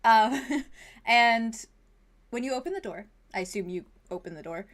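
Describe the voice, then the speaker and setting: A woman narrates a tabletop game as its game master, her voice sitting at an ordinary middle pitch. She laughs often and fills her descriptions with ums and likes. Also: moderate pace, a bit bright.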